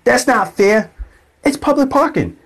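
A man's voice: extremely high pitch, animated, a little slow, gravelly, fairly bright tone, pitched above the performer's own voice, full character voice. A man impersonating an angry, ranting woman complaining about parking.

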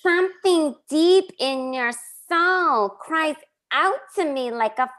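A woman doing an impression of Janice, a clingy, theatrical young woman, in a high, slow, drawn-out voice. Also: expressive, a bit bright, exaggerated voice. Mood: possessive.

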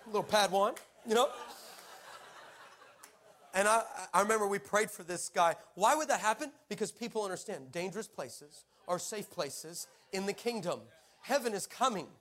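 A pastor preaching with lively personal stories, laughing as he tells them. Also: high voice, normal speed. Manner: animated storyteller, laughing, acting out quotes. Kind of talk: sermon with personal storytelling.

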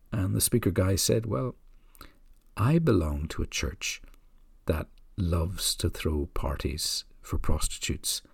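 A deep-voiced man with a gravelly, husky edge. He tells a story in a gentle, unhurried way and drifts into soft asides. The recording is close and dry, with no room sound. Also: no echo. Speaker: podcast host. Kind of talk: reflective storytelling talk.

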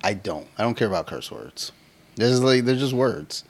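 A man's voice: on the low side, lively intonation, normal speed. Casual, cussing man telling stories. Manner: loose, profane storytelling; laughs often while talking. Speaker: podcast co-host. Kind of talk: casual chat.

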